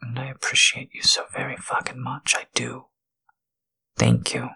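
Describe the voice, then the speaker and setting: Breathy gravelly man, whispered role-play. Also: medium pitch, completely flat delivery, sharp tone. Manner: halting, tender, confessional. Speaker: podcast host.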